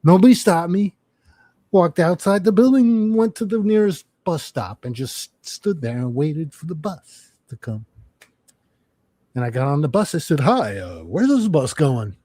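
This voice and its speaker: A middle-aged man from New York telling a profane, animated story in casual chat, acting out quotes as he goes. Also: high-pitched, unhurried, dry recording. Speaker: livestream host.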